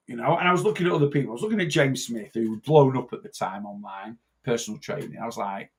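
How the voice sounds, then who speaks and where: A man's voice: mid-range voice, fast talker, hardly any pauses. A man, a personal trainer talking in a casual, rambling monologue that often repeats and restarts. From north-west England. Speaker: personal trainer and weight-loss coach.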